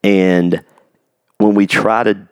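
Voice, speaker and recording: A man's voice: fairly low pitch, fairly even intonation, takes it slowly, clean tone, no echo, studio quality. A man hosting a podcast about fatherhood, talking earnestly in a rambling, casual way and often asking if it makes sense. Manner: earnest, rambling, asks for agreement. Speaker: podcast host.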